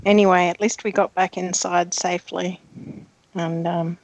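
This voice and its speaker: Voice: mid-range voice, little pitch movement, moderate pace, dry recording, rough recording. A player in a tabletop game describing their character's actions.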